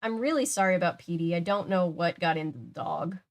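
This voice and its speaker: A woman's voice: fairly low pitch, animated, a little fast, lightly acted. A woman voicing an apologetic mother in a storybook reading.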